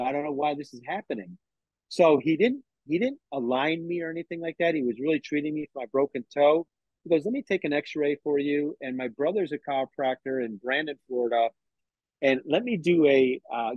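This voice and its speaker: A man's voice: medium pitch, no room sound, dull audio. A middle-aged man telling a personal story in an interview, acting out what others said to him and often restarting his sentences. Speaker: interview guest.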